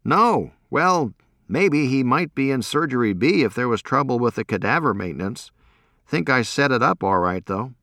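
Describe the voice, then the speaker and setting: A shaken woman surgeon , voiced by a man speaks in a dull, worn-out tone. Her voice is pitched somewhat higher than the low narration around it. The recording is dry and close. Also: expressive, moderate pace, bright, forceful tone, dry recording. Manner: dull, subdued delivery. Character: shaken, pale female surgeon, flat and dull.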